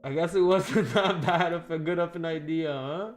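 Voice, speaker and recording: A man's voice: fairly high pitch, normal speed, faint music behind. A man hosting a live stock trading stream with a slight lisp, talking casually and thinking aloud as he goes through levels, often correcting himself. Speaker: stock trading livestream host. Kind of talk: casual live market recap.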